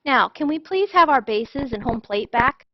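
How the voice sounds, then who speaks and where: A woman's voice: sits high, lively intonation, moderate pace, no echo. A woman voicing a blunt, teasing young boy ballplayer in a storybook reading. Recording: dull lo-fi dry sound.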